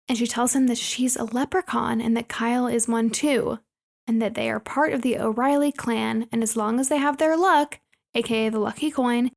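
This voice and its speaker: A woman's voice: fairly high pitch, gravelly. A woman co-hosting a podcast, summarizing a movie plot in casual chat with playful asides. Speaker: podcast co-host.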